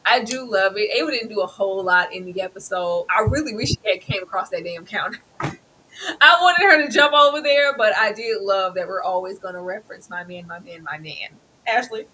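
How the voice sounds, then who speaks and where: Chatty, animated co-host; bright higher woman's voice, light hum on the line. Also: fairly quick, few pauses, poor audio. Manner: animated, acts out characters in big high bursts. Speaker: TV review podcast co-host. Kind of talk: casual TV recap chat.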